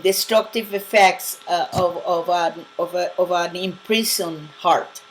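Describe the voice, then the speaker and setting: Woman coach leading a guided meditation; slow, soft-spoken, restarts phrases often. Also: medium pitch, a little hiss or hum, low-quality recording. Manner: gentle, unhurried, repeats words while searching for them. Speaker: spiritual life coach. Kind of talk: guided affirmation and meditation talk.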